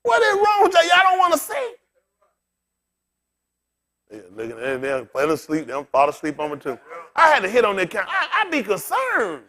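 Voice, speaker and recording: A man's voice: high voice, moderate pace, pauses often. A man preaching as pastor, telling jokes and talking straight to the congregation, bald and getting older. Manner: animated, joking with the congregation. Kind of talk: humorous conversational sermon.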